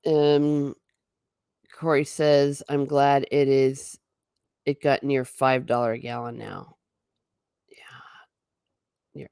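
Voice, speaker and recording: A woman's voice: a bass voice, level tone, takes it slowly, mellow, clean tone, dry recording, clean studio sound. A woman hosting a casual livestream, chatting in a rambling way, reading viewer comments aloud and laughing often. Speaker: livestream host reading chat.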